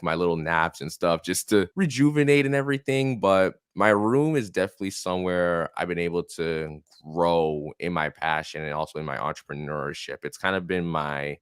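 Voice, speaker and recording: A young man with a very low, smooth, resonant voice talks as a podcast guest, chatting casually and eagerly with a steady stream of "like" fillers. The recording is dry and close, with no room sound. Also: dry recording. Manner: enthusiastic, heavy use of "like" fillers. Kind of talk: casual interview chat. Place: his own room.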